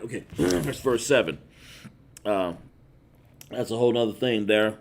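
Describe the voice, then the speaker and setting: A man preaching a sermon over a phone livestream, reading scripture with heavy drawn-out stresses and chatting with viewers. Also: mid-range voice, gravelly, breathy edge. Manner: emphatic, drawn-out stresses, chats with viewers between verses.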